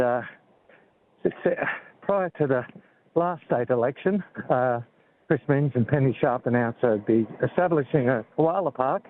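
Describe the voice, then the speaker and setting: An Australian man in his seventies, speaking haltingly with many fillers and out of breath as he walks beside a highway. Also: a little hiss or hum. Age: 70s. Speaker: activist interviewee. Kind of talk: phone interview. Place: outdoors walking by a freeway. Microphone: phone. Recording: tinny phone line with faint outdoor ambience.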